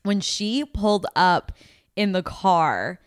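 A giggly woman co-hosting a casual podcast, her pitch leaping up and down as she chats. Her voice sounds close and dry, with no room echo. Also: lively intonation, slow, clear, resonant tone. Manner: giggly, chatty, lots of "like" fillers. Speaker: podcast co-host. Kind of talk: casual chat recapping a reality dating show.

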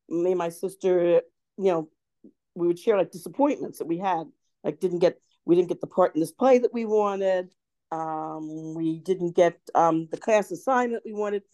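A woman with a mellow, warm tone tells old stories at an easy pace, pausing with ums and laughing often. She co-hosts a casual podcast. The sound is dry and close. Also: on the low side, dry recording. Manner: anecdotal, laughs often, searches for words. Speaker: podcast co-host. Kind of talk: casual storytelling chat.

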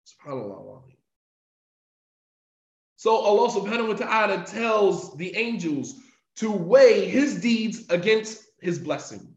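Emphatic high-voiced male preacher, echoey. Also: big pitch swings, a little mellow. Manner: emphatic, repeats key phrases for effect; recites Arabic passages quickly between English explanation. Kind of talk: devotional talk. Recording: echoey, slightly dull recording.

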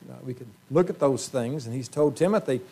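A male pastor preaching a sermon to his congregation, earnest, often clearing his throat and asking rhetorical questions. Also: medium pitch, a little fast, mellow. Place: church sanctuary.

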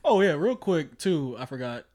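Animated young man, lively and raspy. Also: fairly high pitch, moderate pace, slight background noise. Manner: animated, profane, laughs often. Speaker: podcast co-host. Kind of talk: casual chat.

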